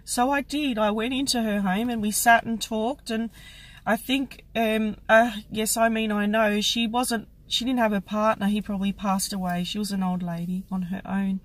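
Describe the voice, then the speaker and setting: A woman psychic medium telling a personal story to camera, reflective and halting, with many restarts. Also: mid-range voice, steady tone, low-quality recording.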